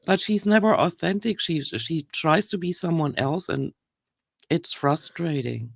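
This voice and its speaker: A woman with a German accent chatting casually on a livestream, halting and hesitant, with frequent restarts. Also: low voice, vocal fry, a bit bright, no echo, clean studio sound. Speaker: livestream host.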